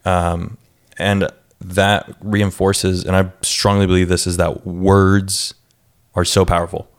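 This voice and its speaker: A man with a very deep, low voice talks casually as a podcast co-host. He reflects on his coaching and slows down on key words to stress them. His tone stays thoughtful and conversational. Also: little pitch movement.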